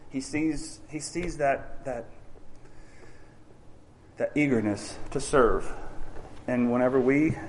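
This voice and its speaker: A man's voice: mid-range voice, slow pace, long pauses, a little mellow, a little hiss or hum. A man preaching a sermon in a conversational, earnest way, often acting out honest prayers to God.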